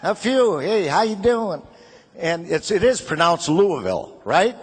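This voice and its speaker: A man's voice: sits high, big pitch swings, measured pace, slightly rough. A man in his sixties from Chicago, doing a folksy stand-up set and chatting with the crowd. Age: 60s. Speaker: comedian and singer.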